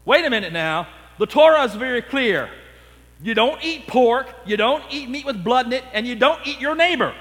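A man's voice: very high-pitched, expressive, moderate pace, a bit bright, long reverb tail, voice pushed up. A man voicing a skeptical crowd of listeners, exasperated and arguing back in disbelief. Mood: incredulous. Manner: incredulous, arguing back, mock-pleading.

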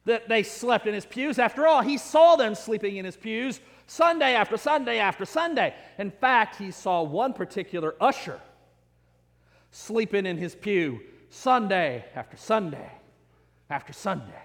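A man's voice: high-pitched, lively intonation, measured pace, long reverb tail. A man preaching a sermon, telling jokes and stories with an emphatic, repetitive cadence. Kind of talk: sermon with humorous storytelling.

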